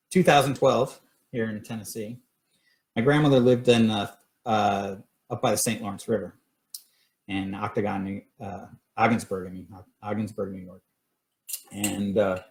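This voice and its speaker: A middle-aged man telling his paranormal stories casually on a live stream, rambling with many fillers and restarts. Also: on the low side. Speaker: paranormal investigator sharing stories.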